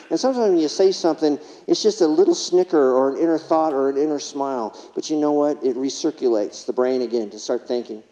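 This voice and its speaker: In a lo-fi recording with long reverb from the conference hall, a man with a fairly high, warm voice delivers a humorous keynote. He shares stories and dramatizes quotes from patients.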